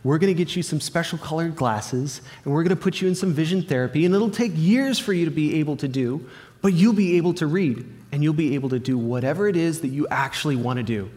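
A man's voice: a little high, quick pace, darkish tone. A man giving a sermon, telling a personal story in an earnest way and acting out the remembered dialogue. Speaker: pastor. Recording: reverberant hall.

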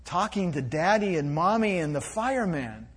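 A man voicing a small child who whispers quiet answers into a telephone, in a joke told during a sermon. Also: high voice, huge pitch swings, unhurried, husky, long reverb tail, heavily acted. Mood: hushed whisper. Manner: soft hushed whisper.

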